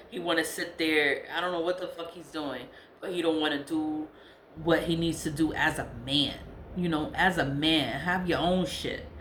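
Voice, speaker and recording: A woman's voice: sits low, a bit bright, a little hiss or hum. Woman venting in an echoey room. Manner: venting, profane, repeats herself. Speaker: vlogger. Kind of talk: angry monologue to camera. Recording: echoey room with faint ambience.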